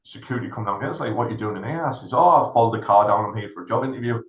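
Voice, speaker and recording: A man's voice: fairly low pitch, rapid-fire, muffled recording. Man telling a story. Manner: animated anecdote-telling, acts out other people's lines. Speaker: podcast co-host, veteran. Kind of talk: casual storytelling. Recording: roomy echo.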